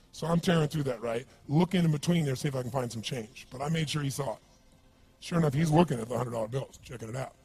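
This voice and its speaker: A man's voice: medium pitch, darkish tone, slightly rough. A man giving an emphatic seminar talk, telling stories and quizzing his audience. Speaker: motivational speaker.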